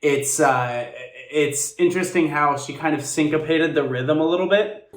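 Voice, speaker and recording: A man with a slightly high voice picks apart a vocal performance, eager and analytical, now and then apologizing for his pauses. He records on a phone in an indoor room that rings with echo, sitting a little away from the mic. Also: recorded from a distance, soft background music. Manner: analytical, enthusiastic, apologetic asides. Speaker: actor reacting to a song.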